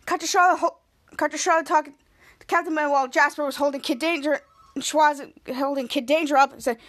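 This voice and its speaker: A woman hosting a podcast, recapping a TV episode in a casual, excitable way, repeating herself and correcting her own words. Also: high voice, a little fast. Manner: excitable, repetitive, frequent self-corrections. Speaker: podcast host.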